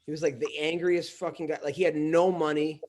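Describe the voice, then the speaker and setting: A man's voice: a little high, level tone, fairly quick, a little mellow. A man, a comedian, telling rambling stories in casual podcast chat, full of fillers and restarts. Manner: rambling storytelling with lots of fillers. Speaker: comedian guest.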